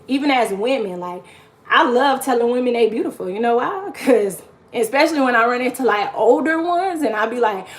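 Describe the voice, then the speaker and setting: Woman livestreamer, rambling and encouraging, voice a touch high, loose casual chat. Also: lively intonation, moderate pace, a bit bright. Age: adult mother of four. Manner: rambling, heavy with "like" fillers; encouraging, faith-filled. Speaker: YouTube live streamer.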